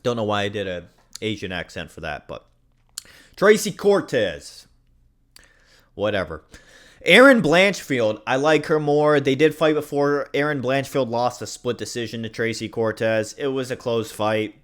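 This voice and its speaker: A man hosts a casual fight prediction video, rambling, blunt, and swearing while joking at his own slips. His voice is mid-range with a clean tone at normal speed.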